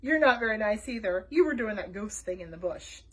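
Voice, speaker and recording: Little girl witch, bossy and sly , read by a woman, husky tone, lively swings. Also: mid-range voice, a little fast, pitched below the performer's own voice. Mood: teasing.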